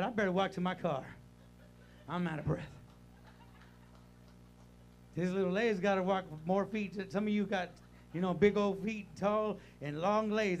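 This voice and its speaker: An older male pastor delivering a sermon in a church sanctuary. His voice sits high for a man, and he swings between loud, animated bursts and quiet, low stretches.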